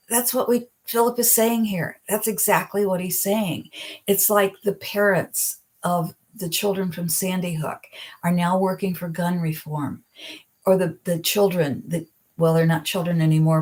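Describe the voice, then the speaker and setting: A middle-aged woman hosting a psychic advice live stream, talking earnestly and gently and slowing down at heartfelt points. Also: on the low side. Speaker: psychic video host. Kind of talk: reflective live-stream talk.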